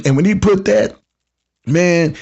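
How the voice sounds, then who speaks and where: A man's voice: high voice, slow pace, vocal fry, a little mellow, breathy edge, dull audio. A man in his fifties hosting a casual call-in podcast, telling stories in heavy slang and acting out the people he quotes. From United States. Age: 50s. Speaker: podcast host.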